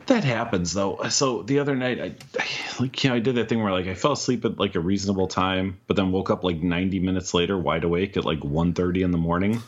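A man's voice: sits low, fast, hardly any pauses, highs cut off. A man co-hosting a podcast, chatting casually in a laid-back, rambling way and swearing freely. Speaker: podcast co-host. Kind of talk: casual chat.

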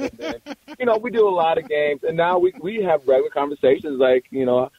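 A man who works as a barber, talking casually and haltingly, with many restarts and short laughs. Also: a little high, expressive, no echo, muffled recording. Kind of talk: casual conversation.

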